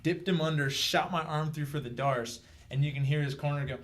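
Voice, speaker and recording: A man on a podcast, casually telling animated stories about his jiu-jitsu matches. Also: a little high, a little fast. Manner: animated storyteller, shouts out quoted coaches. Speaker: podcast guest, jiu-jitsu brown belt.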